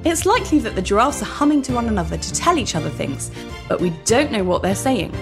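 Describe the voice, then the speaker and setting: A woman hosting a children's podcast, reading a script in an animated way and often asking her young listeners questions. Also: on the high side, fast, over music.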